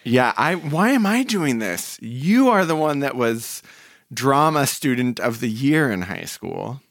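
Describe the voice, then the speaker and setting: A man's voice: mid-range voice, big pitch swings, unhurried, no room sound, clean studio sound. A man co-hosting a casual podcast, hesitant and mumbling, often trailing off. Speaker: podcast co-host. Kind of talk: casual chat.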